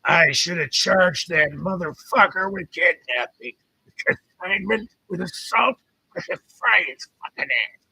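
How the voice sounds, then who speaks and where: A furious hellfire preacher rants in a slow, sermon-like drawl, as a man puts him on. The voice is raised high and bright, with a husky edge, and sits dry and close. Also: lively intonation, dry recording, exaggerated voice, poor audio. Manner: ranting, sermon-like, drawn-out delivery. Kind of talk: storytelling with character voices.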